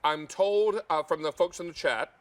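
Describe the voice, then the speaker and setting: Man, shopping-show host, folksy, food-loving, slightly high voice, studio kitchen. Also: normal speed. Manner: folksy, enthusiastic about food. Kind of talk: live shopping show chat. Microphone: earpiece and studio mic.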